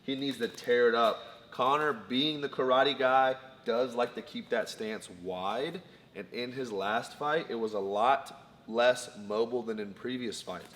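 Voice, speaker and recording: A man's voice: mid-range voice, a little slow, a bit bright. A man co-hosting a casual fight breakdown, laying out his points methodically and in order. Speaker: co-host, fight analyst. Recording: long reverb, faint background noise.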